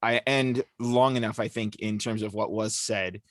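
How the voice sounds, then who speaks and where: A man's voice: fairly low pitch, steady tone, moderate pace, dry recording, studio quality. A man co-hosting a casual discussion podcast, explaining at length with lots of fillers. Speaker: podcast co-host.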